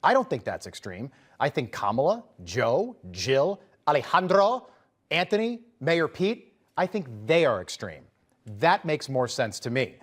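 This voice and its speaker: A man's voice: a little high, very animated, unhurried. A man hosting a political commentary show, talking in a conversational, emphatic way with sarcastic asides.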